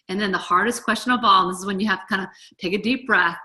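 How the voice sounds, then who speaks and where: A woman's voice: medium pitch, steady tone, very fast, few pauses, sharp tone. A woman leading a group call, coaching her team in an eager, chatty, encouraging way. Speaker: team leader.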